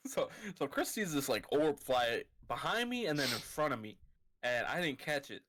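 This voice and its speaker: A man's voice: medium pitch, big pitch swings, normal speed, fairly bright tone. A man co-hosting a podcast in casual chat, laughing often and poking fun at himself. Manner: giggly, self-deprecating. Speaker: podcast co-host.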